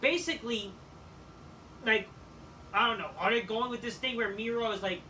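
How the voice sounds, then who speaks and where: A man giving a casual, rambling review of a wrestling show, swearing often and filling pauses with "like" and "you know.". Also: high voice, sharp tone. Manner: profane, rambling, with frequent fillers. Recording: distant mic with faint background noise.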